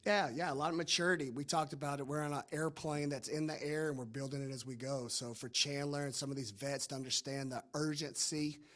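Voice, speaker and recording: A man, a head coach, speaking at a postgame press conference with a hoarse, worn voice and an energetic, repetitive way of stressing his points. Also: medium pitch, fairly quick, few pauses. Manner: energetic, repeats himself when emphasizing.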